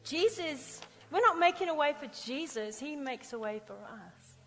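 A woman preacher telling personal stories in a lively sermon, acting out the voices she quotes. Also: high-pitched, moderate pace, in a large hall, faint music behind, poor audio.

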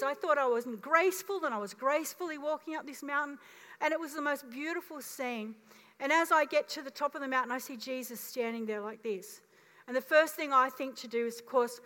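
Woman pastor, fifties, high voice, animated sermon storytelling, long church-hall reverb. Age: 50s. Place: church auditorium.

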